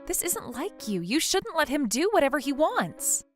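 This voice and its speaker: A woman voicing a gentle, considerate young adult daughter who speaks in a soft, supportive, earnest way. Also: sits high, big pitch swings, moderate pace, soft background music. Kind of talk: animated story voice acting.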